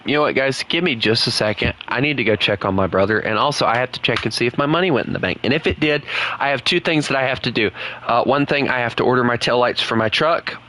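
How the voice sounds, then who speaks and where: This gaming streamer, a man with a Southern US accent, speaks fast in a medium-pitched voice that sounds pushed and bright, with a little hiss or hum in the background. He chats loosely with his audience, rambling, filling pauses and responding to chat as he plays, thinking out loud throughout his casual live commentary.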